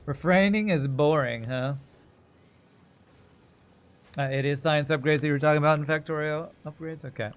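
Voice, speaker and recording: A man's voice: fairly high pitch, moderate pace, pauses often, clear, resonant tone. Man thinking aloud on a game stream. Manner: rambling, thinks aloud, self-mocking. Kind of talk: casual live-stream commentary while playing.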